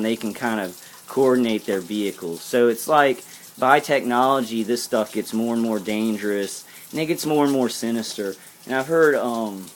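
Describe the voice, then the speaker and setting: A man's voice: medium pitch, a little hiss or hum. A man delivering an earnest spiritual pep talk to camera, rambling and repeating himself. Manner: earnest, intense. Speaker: vlogger.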